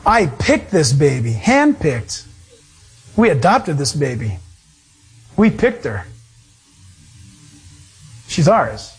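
A man voicing a calm, firm new adoptive mother, speaking steady and matter-of-fact. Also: low-pitched, takes it slowly, pauses often, slightly rough, voice pushed down, heavily acted. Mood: firm, proud.

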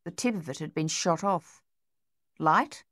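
A woman reading an audiobook in measured, even storytelling narration. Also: deep voice, no room sound, clean studio sound.

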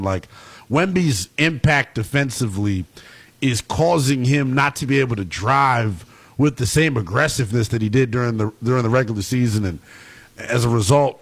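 A man hosting a casual sports talk show, talking in an animated way and laughing loudly. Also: medium pitch.

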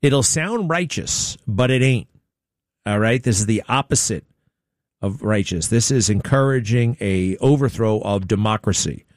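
A man's voice: lowish voice, animated, unhurried, no room sound, clean studio sound. A man hosting a talk show, giving opinionated commentary in a sarcastic, mocking way.

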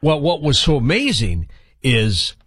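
A male radio host, interviewing a guest with jokes and enthusiasm. His voice is husky, swings widely in pitch, and sounds dry and close. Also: wildly swooping pitch, unhurried, a bit bright, dry recording.

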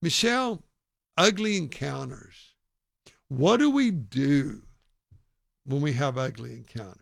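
A man hosting a talk show, telling a lively story in a self-deprecating way and acting out the people he quotes. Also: on the high side, takes it slowly, creaky, no room sound, clean studio sound. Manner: animated, self-deprecating, acts out hecklers. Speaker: podcast host and author. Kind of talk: conversational storytelling.

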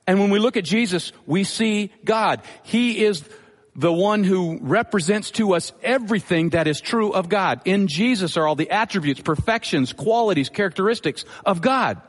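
A man's voice: sits high, animated, moderate pace, big-room sound. A man preaching an expository sermon as pastor, teaching earnestly and quoting scripture. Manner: earnest teaching delivery, Bible quotations.

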